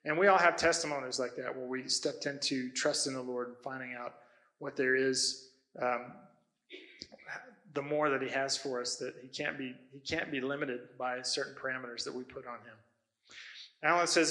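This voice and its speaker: Pastor, male, preaching. Bright, forward tone; conversational, stops and restarts mid-sentence. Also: medium pitch, fairly even intonation, brisk, low-quality recording. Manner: conversational storytelling with self-corrections. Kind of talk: sermon.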